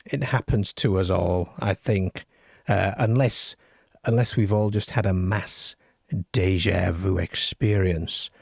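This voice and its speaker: A middle-aged or older man hosts a late-night show about the unexplained, reading letters aloud and joking with his listeners. His voice is low and gravelly, and the sound is dry and close to the mic. He is wry and self-deprecating. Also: fairly even intonation, takes it slowly, a little mellow, no echo. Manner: wry, self-deprecating, chatty with the live chat. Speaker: host of a late-night call-in paranormal show. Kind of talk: live-stream chat and reading out listener stories.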